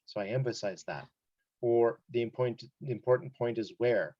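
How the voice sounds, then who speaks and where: A man's voice: medium pitch, animated, a little fast, a little mellow, no echo, highs cut off. Casual man teaching a test-prep lesson. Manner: casual, explains with examples, many "like" and "you know". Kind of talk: one-on-one online lesson.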